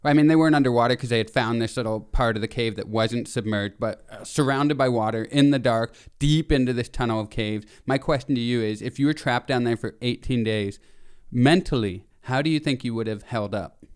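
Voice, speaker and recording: Smooth-voiced man co-hosting a casual podcast. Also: medium pitch, fairly quick. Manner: animated, laughs often, rambling with restarts. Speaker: podcast co-host. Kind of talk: casual chat.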